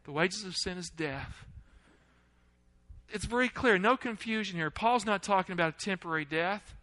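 A man preaching a sermon, asking the congregation questions and swinging between loud, urgent lines and hushed ones. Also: sits high, moderate pace, poor audio. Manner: asks the audience questions.

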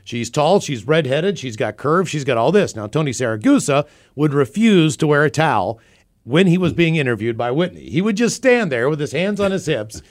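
Animated, profane man telling a story. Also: fairly high pitch, normal speed. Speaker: podcast co-host. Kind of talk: casual storytelling chat.

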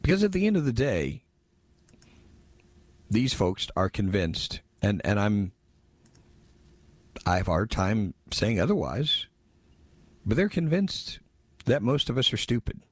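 A male radio host talks with a low, lively voice, jumping between sarcasm and mock surprise as he reads listener texts. He chuckles at his own jabs. The studio sound is close and dry. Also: measured pace, long pauses, dry recording. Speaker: radio talk show host. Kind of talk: casual talk radio commentary. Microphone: studio microphone.

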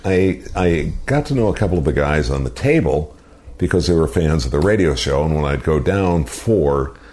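A man's voice: very deep voice, expressive, moderate pace, darkish tone. An older man, a radio personality, telling rambling anecdotes in a casual interview and slipping into impressions of other people.

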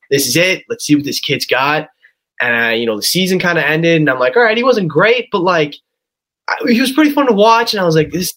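A young man co-hosting a podcast, telling a rambling, animated story in casual chat. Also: medium pitch. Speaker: podcast co-host.

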